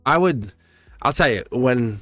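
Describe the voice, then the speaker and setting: A man's voice: mid-range voice, expressive, unhurried, fairly bright tone, no echo, soft background music. Chatty, laughing male tarot reader. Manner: rambling, laughs often, chats directly with viewers. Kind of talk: casual live-stream tarot reading.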